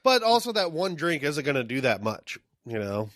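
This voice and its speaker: A man's voice: on the high side, very animated, moderate pace, a bit bright, dry recording. Loose, swearing podcast guy, dry mic. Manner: loose, profane, laughing a lot. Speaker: podcast co-host. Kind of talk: casual chat.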